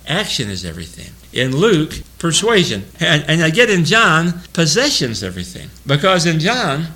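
An older man teaching through a Bible passage verse by verse, chuckling often, mixing homespun asides with slow scripture reading. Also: fairly high pitch, wildly swooping pitch, sharp tone, low-quality recording.

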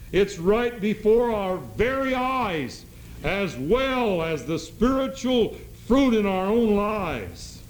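Slow, earnest male preacher. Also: high-pitched, a little hiss or hum, low-quality recording. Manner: earnest, reads scripture aloud with slow emphasis. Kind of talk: sermon.

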